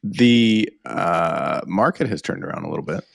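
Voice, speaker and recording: A man's voice: low voice, animated, unhurried, vocal fry, no room sound, clean studio sound. A man from Canada, a guest on a podcast, chatting in a laid-back, matter-of-fact way. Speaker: podcast guest and real estate agent. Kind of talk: casual chat.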